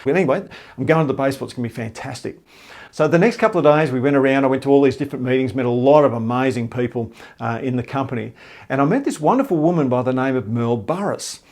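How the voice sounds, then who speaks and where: An Australian man telling a humorous personal anecdote in a lively, self-deprecating way. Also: medium pitch, fast talker. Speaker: storyteller.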